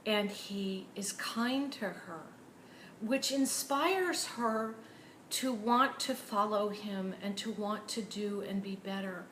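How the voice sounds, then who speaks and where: A woman preaching a sermon in an earnest way, dropping to hushed, near-whispered words for emphasis. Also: mid-range voice, echoey room, a little hiss or hum, low-quality recording. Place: church.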